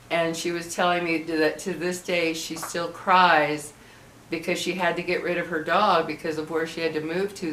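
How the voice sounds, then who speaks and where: In an echoey room with a faint background hum, a middle-aged woman vlogger with a low-sitting voice talks to camera about personal matters. Her heartfelt delivery is halting, with frequent restarts and soft, earnest asides.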